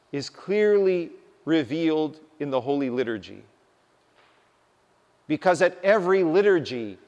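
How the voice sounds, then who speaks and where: A man delivers a sermon slowly and deliberately, leaning on his words for emphasis. His voice sits a little high for a man. It rings out with a long hall reverb behind it. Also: darkish tone. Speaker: preacher.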